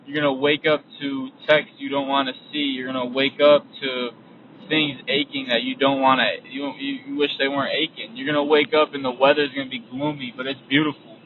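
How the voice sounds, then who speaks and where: A man's voice: medium pitch, flat delivery, fairly quick. A young man giving a casual, rambling motivational talk as a podcast host, often repeating himself and restarting his sentences. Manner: casual, repetitive, trails off and restarts. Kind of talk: motivational monologue while driving. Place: in a vehicle. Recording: distant, phone-like lo-fi recording with faint road noise.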